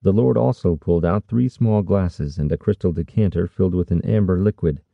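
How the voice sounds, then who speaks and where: Male narrator, very low and gravelly, measured fantasy reading, dry muffled studio sound. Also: no echo. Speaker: audiobook narrator.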